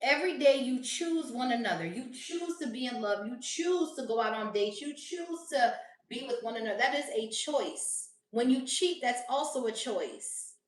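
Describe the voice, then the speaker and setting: A woman's voice: a little high, expressive, moderate pace. Blunt, profane woman reading tarot. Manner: blunt and profane, laughing often. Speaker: tarot reader. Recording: roomy echo, voice distant from mic.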